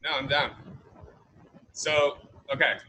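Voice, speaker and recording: A man's voice: fairly high pitch, monotone, slow, sharp tone, slight background noise, rough recording. A young man giving a casual online college economics lecture, chatty and jokey, often checking in with "right?".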